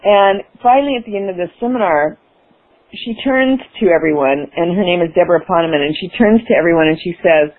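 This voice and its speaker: A woman author, a guest in an interview, telling a personal story with lively enthusiasm and acting out her past self. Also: on the low side, a little fast. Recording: phone-line sound.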